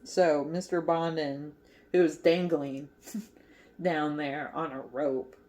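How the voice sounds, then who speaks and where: Woman, low pitch, mellow tone, chatty, giggly, crochet vlog recap. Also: fairly even intonation, slow. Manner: chatty, giggly, lots of fillers. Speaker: crochet vlogger. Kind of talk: casual movie recap while crocheting.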